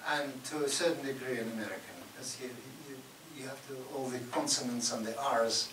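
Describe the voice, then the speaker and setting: A man giving a lively talk in a university lecture hall. He laughs often and answers audience questions. The recording is taken from well back in a roomy hall, with steady background noise. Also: medium pitch, fairly quick, far from the mic. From Russia. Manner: animated, laughs often, acts out Russian voices loudly. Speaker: guest speaker.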